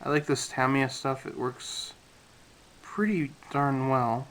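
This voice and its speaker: This is a man with a mid-range voice, chatting loosely about his model kit. His talk is relaxed and full of fillers, and he sounds a bit winded. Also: mid-range voice, takes it slowly, slight background noise, low-quality recording. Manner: relaxed, rambling, with many fillers. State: out of breath. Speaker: scale model hobbyist. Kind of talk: casual build commentary.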